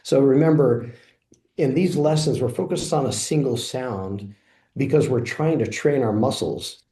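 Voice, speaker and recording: A man presenting a pronunciation course and demonstrating software, explaining steadily and saying phrases aloud. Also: on the low side. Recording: echoey room.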